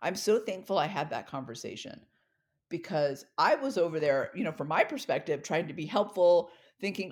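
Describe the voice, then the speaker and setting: A middle-aged woman telling a personal story in a talk, expressive and acting out the dialogue she recalls. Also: low-pitched, moderate pace. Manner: expressive, acts out quoted dialogue. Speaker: speaker.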